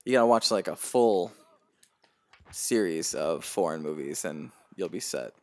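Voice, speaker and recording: Male podcast co-host, lower pitch, loose and ranty casual chat, curses often. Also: measured pace. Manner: animated, swears casually, does mocking quoted voices.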